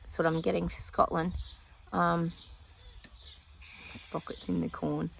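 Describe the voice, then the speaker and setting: Woman psychic, gravelly low voice, chatty outdoor vlog, faint background noise. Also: flat delivery, a little slow. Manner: chatty, breaks off to talk to her dog. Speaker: psychic vlogger. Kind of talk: casual predictions monologue. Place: outdoors with a dog nearby.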